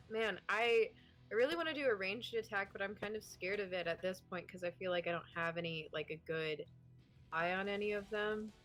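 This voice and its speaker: A woman's voice: mid-range voice, normal speed, fairly bright tone, faint music behind. A woman playing a tabletop game, unsure and self-deprecating. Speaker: player.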